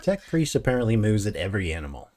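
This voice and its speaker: A man's voice: fairly low pitch, sing-song, quick pace, a little mellow. A man co-hosting a live painting stream, making dry jokes and reading out chat messages. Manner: dry, wry remarks, thanks subscribers.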